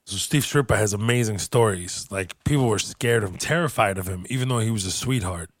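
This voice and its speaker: A man's voice: lowish voice, fast, no echo. Profane storytelling man on a dry close mic. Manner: profane, animated anecdote-telling with put-on quoted voices. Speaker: podcast host and comedian. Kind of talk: casual podcast storytelling.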